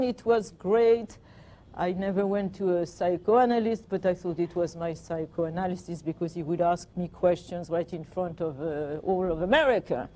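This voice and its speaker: Older French woman, mellow low voice. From France. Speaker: guest, performer. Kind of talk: reminiscing interview.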